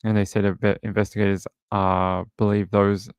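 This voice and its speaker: A man's voice: lowish voice, flat delivery, normal speed, clean tone, dry recording, clean studio sound. A man hosting a true crime livestream, rambling casually and thinking aloud.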